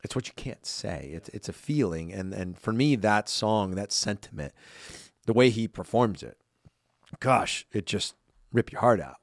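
A man's voice: lowish voice, lively intonation, unhurried, creaky, dry recording, clean studio sound. A man co-hosting a casual podcast, speaking earnestly and reflectively with many fillers. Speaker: podcast co-host. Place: California.

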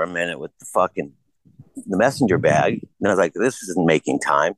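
Low-voiced man telling rambling stories. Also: animated, fairly quick, no echo, poor audio. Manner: rambling and profane, acts out quoted dialogue. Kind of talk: casual conversation.

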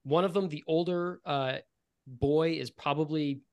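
A man running a tabletop game, describing the scene in a loose, rambling way. His voice sits a bit high, and he pauses often to gather his thoughts. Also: steady tone, a little mellow. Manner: casual, rambling with fillers. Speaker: game master.

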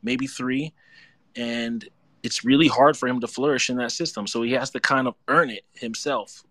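A man's voice: medium pitch, fairly even intonation, moderate pace, a bit bright, no echo. A man calling in to a sports talk show, earnest and a little nervous, rambling through his points. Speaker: caller. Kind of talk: call-in fan talk.

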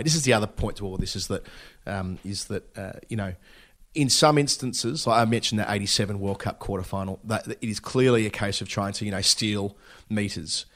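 A man's voice: on the low side, fairly bright tone. A man, co-hosting a casual podcast chat, thoughtful and hesitant with many restarts. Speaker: podcast co-host.

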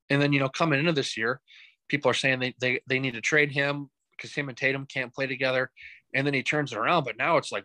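A man co-hosting a podcast, chatting casually about sports with animated, joking stories. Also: medium pitch, quick pace, dry recording, rough recording. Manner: animated storytelling with joking asides. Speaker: podcast co-host.

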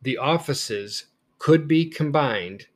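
Male history teacher, deliberate lecture delivery, stresses important words. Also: on the high side, animated. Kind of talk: lecture-style podcast.

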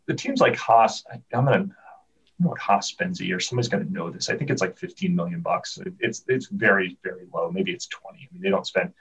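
A man talking quickly in a casual chat, telling stories with energy and often restarting his sentences. His voice sits a little low and sounds husky. The audio is muffled and comes from some way off the mic. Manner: animated storyteller, many restarts. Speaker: podcast guest. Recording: dull, distant remote audio.

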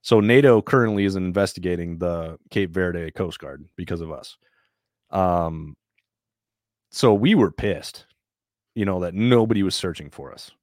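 Low-voiced man telling a story casually. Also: a little slow, no echo, clean studio sound. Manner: animated, profane, plain-spoken.

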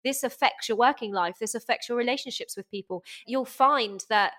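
A woman on a podcast as a guest fitness coach, talking in a lively way and acting out inner voices with big jumps in pitch. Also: a little fast. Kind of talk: casual podcast interview.

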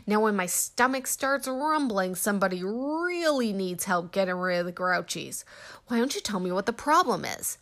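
Woman voicing Grumpy Bear, a gruff little bear. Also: medium pitch, expressive, moderate pace, a bit bright. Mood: kindly gruff. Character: small grumpy male blue bear.

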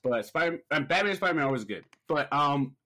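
A man hosting a podcast in a casual, excitable way, with loose phrasing and frequent laughs. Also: on the high side, fast. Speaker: podcast host. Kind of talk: casual chat.

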